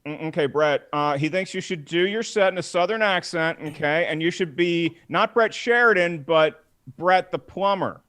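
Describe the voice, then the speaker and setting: A man's voice: on the high side, moderate pace, a bit bright. A man co-hosting a live show, bantering and playfully setting up comedy bits. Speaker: co-host.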